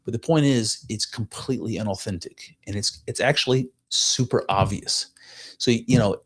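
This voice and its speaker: A man's voice: on the low side, moderate pace, breathy edge. A man co-hosting a podcast in casual chat, earnest and rambling, circling his point with restarts. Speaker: podcast co-host.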